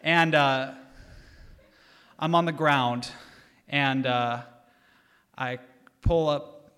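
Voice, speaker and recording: A man telling a comic personal story live on stage at a storytelling event, animated and getting louder as it builds. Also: mid-range voice, extremely slow, clear, resonant tone. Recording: long hall reverb from a live venue.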